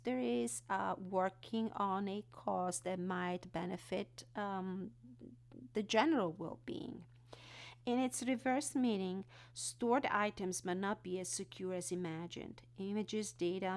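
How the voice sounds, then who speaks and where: A woman walking through an oracle card deck, reading card texts and explaining them in an unhurried way. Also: mid-range voice, a little mellow. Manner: unhurried, reads card text then explains with fillers.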